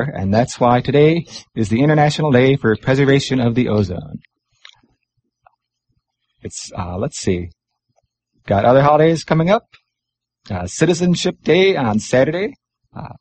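Easygoing radio guy in a studio, talks loose and chatty with lots of uhs. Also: mid-range voice. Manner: relaxed, chatty, pauses with many fillers. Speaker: community radio host. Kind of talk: casual radio show chat.

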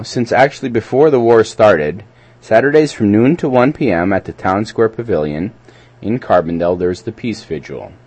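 A man co-hosting a community radio show chats casually and rambles through local event listings. His voice is lowish and darkish, with a breathy edge.

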